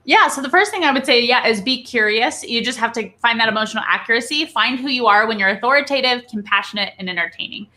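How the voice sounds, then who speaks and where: A woman guest in an interview, explaining a charisma framework in an animated coaching manner with frequent "right?" check-ins. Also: on the high side, quick pace, hardly any pauses. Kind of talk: conversational interview.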